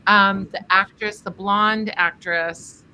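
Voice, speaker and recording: Woman tarot host, bright and crisp tone, chatty and quick to laugh. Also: mid-range voice, a little hiss or hum. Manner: chatty, laughs often, animated retelling. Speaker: tarot reader hosting a charity stream. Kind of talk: casual storytelling and tarot reading.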